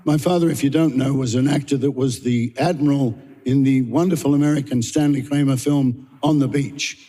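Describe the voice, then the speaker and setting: An older man, a guest actor, spins casual stories and keeps chuckling as he talks. His voice is husky and gravelly, with a mellow, dark colour. The recording carries a long reverb tail. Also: medium pitch, steady tone, normal speed. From Australia. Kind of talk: casual anecdote telling.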